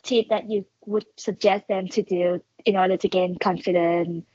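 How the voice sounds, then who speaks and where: A woman's voice: lowish voice, fairly even intonation, normal speed, warm tone, husky, dry recording, muffled recording. A woman co-host asking long interview questions hesitantly, with many fillers.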